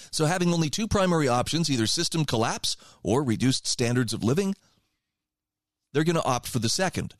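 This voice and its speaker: A man's voice: medium pitch, dry recording, studio quality. A man hosting a radio talk show, giving opinion commentary in a conversational, emphatic way and reading passages aloud.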